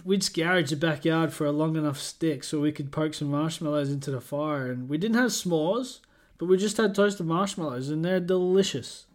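A young Australian man hosting his own podcast, chatting casually in an upbeat, rambling way that often corrects itself. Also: on the high side. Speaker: podcast host. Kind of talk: casual solo podcast chat.

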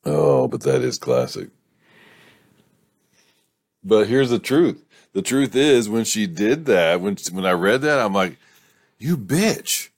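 A man with a very low, gravelly and husky voice reads a romance novel aloud at an unhurried pace. He breaks off again and again to laugh, swear and riff on the story in a casual way. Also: big pitch swings, no room sound. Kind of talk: casual read-aloud with commentary.

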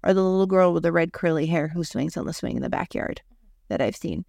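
A woman's voice: sits low, a little fast, creaky, a little mellow, dry recording, clean studio sound. A woman hosting a podcast, telling a personal story in a casual, chatty way, full of "like". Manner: chatty, heavy use of "like". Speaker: podcast host.

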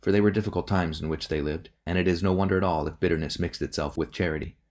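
A man narrating a novel as an audiobook in a measured, steady reading. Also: deep voice.

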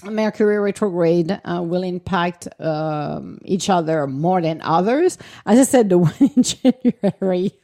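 Woman, warm mellow tone, chatty, laughs a lot, acts out quoted lines, repeats advice with emphasis. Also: on the low side, measured pace, few pauses. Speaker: astrology speaker. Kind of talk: casual spoken explanation.

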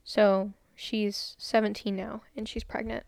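A woman's voice: medium pitch, measured pace, gravelly, no echo. A young woman co-hosting a casual true crime podcast, walking through the case step by step with easy fillers. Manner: relaxed, tells the case step by step with filler words. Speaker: podcast co-host. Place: room with window open.

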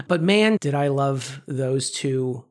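A man co-hosting a casual podcast chat, laughing often and acting out shouted quotes. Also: mid-range voice, slow pace. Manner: animated, laughs often, acts out shouted lines. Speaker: podcast co-host.

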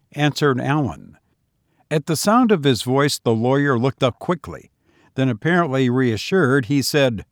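A man's voice: medium pitch, expressive, a little slow, no echo. Man reading a story in a dry room. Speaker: audiobook narrator. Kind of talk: scripted narration.

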